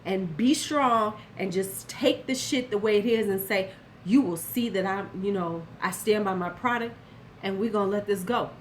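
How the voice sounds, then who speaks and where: Speaking at medium pitch and a moderate pace, this older woman gives sassy, no-nonsense beauty advice straight to camera in a casual commentary vlog. She occasionally responds to chat, and a faint hiss or hum sits under the recording.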